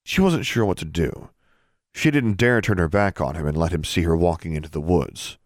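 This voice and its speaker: A man narrating a fantasy story as an audiobook, steady storytelling with expressive dialogue. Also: low-pitched, normal speed, no echo, clean studio sound.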